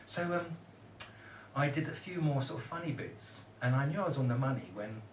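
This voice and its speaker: Cheeky northern English comic poet. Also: male voice, mid-range voice, lively intonation, a little fast, a little hiss or hum. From northern England. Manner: cheeky, self-mocking, laughs at his own jokes. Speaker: poet and host. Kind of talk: comic poetry performance. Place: cellar bar, live audience. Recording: echoey cellar bar, distant mic.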